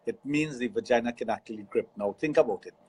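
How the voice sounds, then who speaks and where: A man's voice: medium pitch, quick pace, husky, poor audio. A Trinidadian man hosting a radio show as a sexologist, explaining things frankly and laughing easily. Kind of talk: casual radio talk. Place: radio studio.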